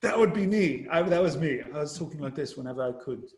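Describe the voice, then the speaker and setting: A man's voice: medium pitch, little pitch movement, very fast, a little mellow, lightly acted. A man voicing an American affecting a posh British accent, theatrical and sing-song, in a roomy-sounding recording. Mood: playful. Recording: roomy echo.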